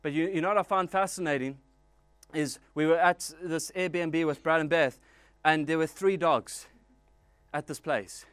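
A man preaching a sermon as pastor, animated and storytelling with jokes and asides. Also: on the high side, measured pace, clean tone, no echo.

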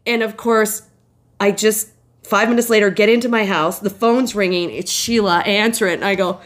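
A woman guest telling a story in a casual chat, animated, swearing casually and laughing often. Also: medium pitch, normal speed.

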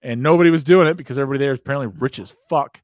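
A man's voice: medium pitch, very fast, darkish tone, dry recording, clean studio sound. Profane, rambling American man. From United States. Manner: profane, rambling storyteller who laughs often. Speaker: podcast host. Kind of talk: casual chat.

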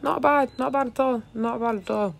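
A woman's voice: on the high side, normal speed, creaky, noisy background. A woman hosting a podcast, chatting casually in a rambling, profane way, often laughing and calling the listener "dog.". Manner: laughs often while talking. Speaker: podcast host. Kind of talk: casual chat.

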